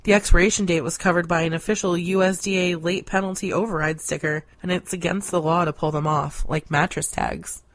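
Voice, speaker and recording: A woman narrating a short story in a deadpan, sardonic manner. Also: fairly low pitch, a little fast, few pauses, no echo. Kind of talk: scripted story reading.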